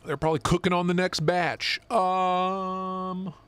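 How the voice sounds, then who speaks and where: A young man co-hosting a live stream, chatting casually and swearing as he jokes and gets excited. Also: high-pitched, slow pace, smooth. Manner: excited, profane, joking. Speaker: knife show co-host.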